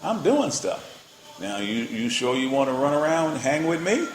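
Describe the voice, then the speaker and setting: A preacher voicing a laid-back Jesus. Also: male voice, mid-range voice, big pitch swings, normal speed, slight background noise, voice pushed up, natural voice. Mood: easygoing. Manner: easygoing, conversational. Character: Jesus speaking casually to a would-be follower. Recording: roomy echo.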